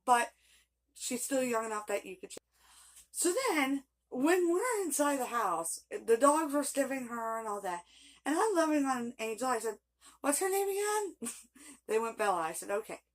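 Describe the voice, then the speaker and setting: A woman telling a long personal story in a casual vlog, rambling and chatty with frequent laughs. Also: on the high side. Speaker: vlogger.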